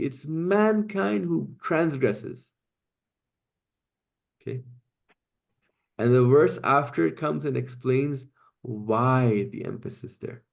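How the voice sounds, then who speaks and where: A man's voice: medium pitch, vocal fry, a little mellow. A man teaching an online class, explaining step by step and often checking in with "right?" and "okay?". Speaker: Quranic Arabic teacher.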